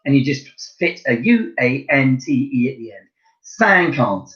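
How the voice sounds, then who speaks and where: A man's voice: mid-range voice, animated, a little slow, a bit bright. A man teaching a French lesson to primary pupils, chatty and encouraging, spelling words out letter by letter. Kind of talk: recorded online lesson. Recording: slightly dull lo-fi recording.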